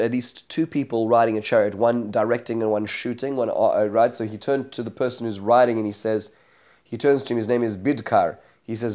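A man's voice: medium pitch, darkish tone. A man teaching a Bible study lesson, retelling the chapter as a story, voicing the quoted speakers, with many fillers and restarts.

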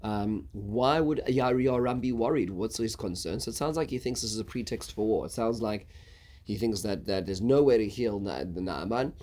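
A man teaching a casual Bible lesson, halting, with many stuttered restarts. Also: fairly low pitch, darkish tone. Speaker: Torah teacher.

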